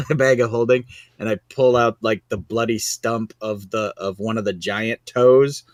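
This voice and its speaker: Slow, low-voiced man chatting. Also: steady tone, dry recording. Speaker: player. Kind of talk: casual game chat.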